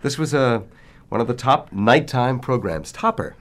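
A male host guiding an interview with measured questions. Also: mid-range voice, animated.

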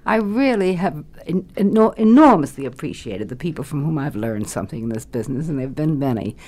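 Older woman, low voice, very lively pitch, interview reminiscing, animated storyteller. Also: a little fast. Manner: animated storyteller, lively rises and falls, laughs readily. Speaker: interviewee, former radio actress. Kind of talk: reminiscing conversation.

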